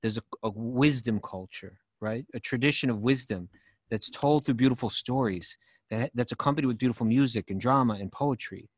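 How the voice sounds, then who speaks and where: A man's voice: mid-range voice, brisk, slightly rough, no echo, clean studio sound. A man co-hosting a casual spiritual podcast chat, mostly chiming in with short agreeing remarks. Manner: affirming, chimes in briefly. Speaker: podcast co-host.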